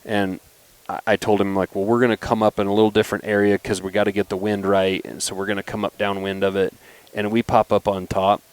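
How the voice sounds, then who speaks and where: A man in his forties with a fairly low-pitched voice, talking easily as a podcast guest. He tells stories with lots of life, slipping into the voices of the people he quotes. The delivery is loose and conversational, with natural restarts. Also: quick pace, clear, resonant tone, no echo. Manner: animated, acts out quoted voices when telling stories. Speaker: knife company founder, podcast guest. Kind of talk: casual storytelling chat.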